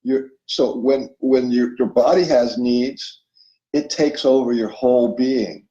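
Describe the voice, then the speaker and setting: A man's voice: medium pitch, slow pace, warm tone, echoey room, dull audio. A man as an interview guest, explaining spiritual self-help ideas and checking in often with his listener. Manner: explanatory, acts out inner voices, checks in with listener.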